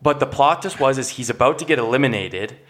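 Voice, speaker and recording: A young man co-hosting a podcast in relaxed casual chat, swearing freely and laughing often. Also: mid-range voice, fast talker. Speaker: podcast co-host.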